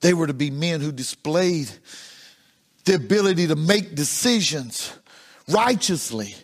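A male pastor preaching a sermon in a sing-song cadence, repeating words as he builds a point and dropping low and soft at the end of phrases. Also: expressive, unhurried.

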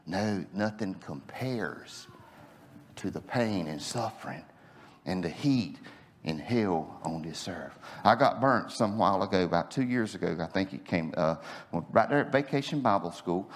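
A man preaching a sermon, impassioned, swinging between loud declarations and hushed low lines. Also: expressive, normal speed.

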